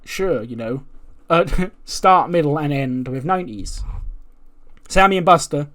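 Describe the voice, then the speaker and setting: A man hosting a let's play, narrating a simulated wrestling show in lively play-by-play with offhand asides. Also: on the high side, unhurried.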